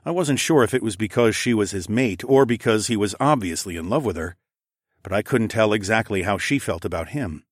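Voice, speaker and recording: A man narrating a first-person fantasy audiobook in a measured, steady storytelling manner, recorded on a close studio mic. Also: lowish voice, dry recording.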